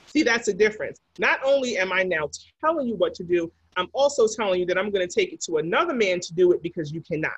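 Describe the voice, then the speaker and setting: Speaking fast and animated with hardly any pauses, a woman with a fairly low, slightly husky and breathy voice works through relationship patterns in a podcast conversation. She stresses her points emphatically, circling back to repeat key phrases. The sound is close and dry, with no room around her.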